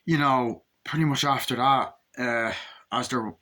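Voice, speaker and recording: A man's voice: medium pitch, measured pace, pushed and bright. Rambling young man reviewing a movie. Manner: rambling, acts out quotes in raised voices, swears casually. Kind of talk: casual movie review recap.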